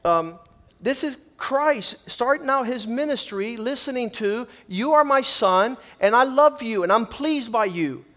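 A middle-aged man preaching a sermon with animated, quick bursts and repeated words. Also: very high-pitched.

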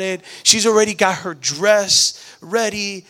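A middle-aged man preaching with an earnest, storytelling delivery. He often repeats words as he builds a point. His voice sits fairly high for a man. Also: lively intonation, normal speed, hardly any pauses, bright, forceful tone. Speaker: pastor. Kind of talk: sermon.

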